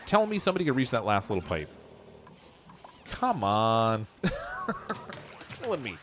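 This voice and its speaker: A man's voice: mid-range voice, wildly swooping pitch, unhurried, background noise. A Canadian man streaming a game, thinking aloud and poking fun at his own messy builds. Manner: self-mocking, thinks aloud while building. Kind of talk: casual livestream commentary.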